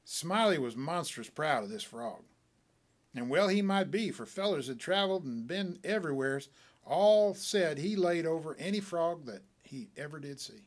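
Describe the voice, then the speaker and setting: A man reading a short story aloud as a folksy, animated tall-tale teller. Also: fairly high pitch, normal speed.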